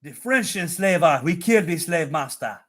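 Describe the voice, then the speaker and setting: A man's voice: a little high, expressive, moderate pace, a bit bright, voice pushed up. A man putting on a blunt Haitian man. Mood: emphatic. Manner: clipped broken-English phrasing, emphatic. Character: blunt adult man from Haiti, matter-of-fact.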